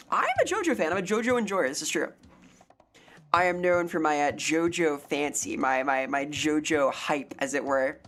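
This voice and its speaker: A woman's voice: low voice, fairly bright tone. A young woman streaming live, chatting casually in a playful, rambling, jokey way and reading chat aloud. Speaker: variety streamer.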